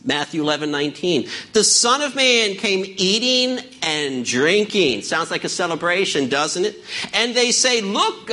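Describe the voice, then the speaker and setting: A man preaching a sermon, reading scripture slowly and with emphasis, asking the congregation rhetorical questions. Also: high-pitched, bright, forceful tone.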